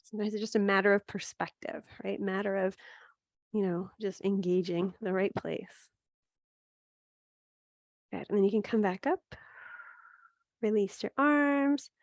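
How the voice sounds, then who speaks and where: A woman teaching a gentle yoga class, giving steady cues with chatty asides and laughing at her own slips. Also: medium pitch, measured pace, long pauses, no echo. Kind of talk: guided yoga class instruction.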